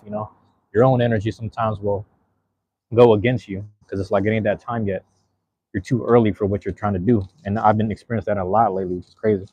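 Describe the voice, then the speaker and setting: A man's voice: mid-range voice, darkish tone, slightly rough. A man chatting casually to his live-stream audience while eating, laid-back and slangy, talking to viewers in the chat.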